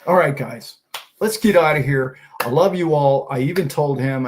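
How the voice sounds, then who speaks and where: A man's voice: on the high side, normal speed. A middle-aged man hosting a finance show, talking in an enthusiastic, preachy way full of rhetorical questions. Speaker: host of a finance and crypto show. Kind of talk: casual motivational talk.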